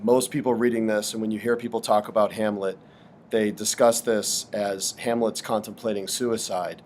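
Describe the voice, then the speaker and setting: A man teaching a literature lesson in a thoughtful, hesitant way, with frequent pauses and fillers. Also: lowish voice, little pitch movement, a little mellow, slight background noise. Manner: thoughtful, hesitant with many ums. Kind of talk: explanatory lesson.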